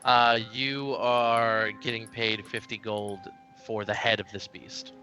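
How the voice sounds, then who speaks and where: A man's voice: lowish voice, level tone, slow pace, pushed and bright, faint music behind, low-quality recording. A man narrating a tabletop game as game master, loose and rambling with many fillers. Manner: loose and rambling, full of ums and restarts.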